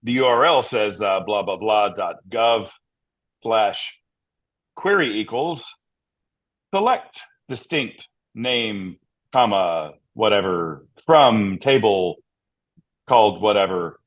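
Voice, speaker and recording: Lowish-voiced man telling an animated story. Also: slow pace, pauses often. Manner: animated, lots of fillers and asides. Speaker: panel guest. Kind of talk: casual storytelling.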